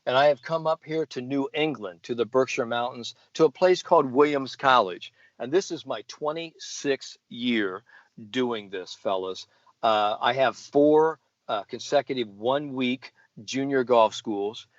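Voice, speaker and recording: A man's voice: mid-range voice, unhurried, no room sound. An older man, a golf sports psychologist, telling stories in an interview, keen and full of fillers and restarts. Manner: enthusiastic storyteller, many fillers and restarts. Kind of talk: interview storytelling. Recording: dull lo-fi dry recording.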